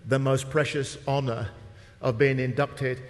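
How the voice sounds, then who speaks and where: A man with a mid-range voice moderates a panel in a large conference hall, addressing the audience in an affable, informal way. His delivery is flat and a little slow. The hall is reverberant, with faint background noise.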